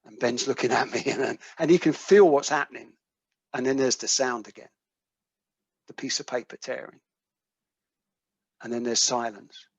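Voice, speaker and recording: A man's voice: mid-range voice, normal speed, vocal fry, long pauses, breathy edge, no echo. A man with a British accent, speaking at a recovery workshop and telling a personal story, acting out the quoted dialogue and swearing now and then. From United Kingdom. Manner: vivid storyteller who acts out quoted dialogue, swears casually. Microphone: video call microphone. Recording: dull, lo-fi call audio.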